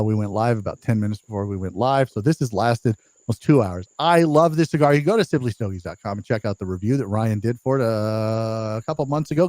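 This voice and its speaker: A man's voice: mid-range voice, darkish tone, no room sound. An older man hosting a casual live-stream chat, chatty and laughing, reading out viewer comments, his voice a bit worn. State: losing his voice. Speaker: podcast host.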